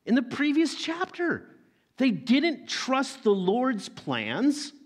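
A man's voice: extremely high pitch, huge pitch swings, takes it slowly. A man preaching a sermon as pastor, telling the story animatedly and acting out the characters.

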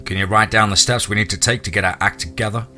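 A man's voice: on the low side, fairly even intonation, fast, sharp tone, faint music behind. A man voicing a firm, authoritative small-town male police chief. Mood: businesslike.

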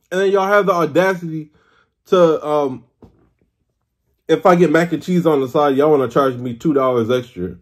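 Male food vlogger, thirties, fairly high voice, exasperated ranting delivery with cursing. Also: animated. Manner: exasperated, swearing, drawn-out complaints. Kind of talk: mukbang rant.

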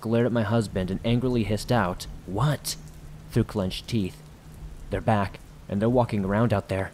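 A low-voiced man narrates horror stories for his podcast, reading in a casual, conversational way. Faint rain patters in the background. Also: darkish tone, slight background noise. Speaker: horror story podcast host. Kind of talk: scripted horror story narration.

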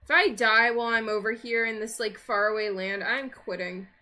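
A woman's voice: on the high side, normal speed, pushed and bright. A woman narrating her own gameplay in casual let's-play commentary, chatting to herself, grumbling and easily startled. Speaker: gaming video creator.

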